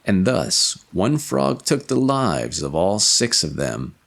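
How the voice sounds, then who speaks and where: A man narrating a fairy tale in an expressive storybook reading. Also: fairly low pitch, slow pace, creaky.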